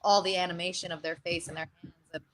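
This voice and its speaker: A woman guest performer chatting casually in an interview over a video call, animated and laughing often. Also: on the low side, quick pace, rough recording.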